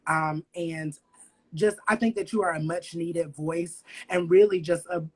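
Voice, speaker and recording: A man's voice: fairly high pitch, steady tone, a little slow, slightly rough, rough recording. A man appearing as a guest on a livestream, speaking in an effusive, heartfelt way with stumbling restarts. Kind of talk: casual livestream chat.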